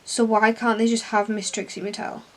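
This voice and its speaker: A woman's voice: a little high, flat delivery, normal speed. A young English woman vlogging at home, chatting casually and self-deprecatingly while doing her makeup. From England. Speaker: beauty vlogger.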